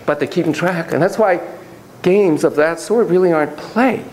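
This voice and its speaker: A man's voice: on the high side, normal speed, darkish tone, slight background noise, low-quality recording. A man giving a classroom lecture on child therapy, acting out quotes in shifting voices.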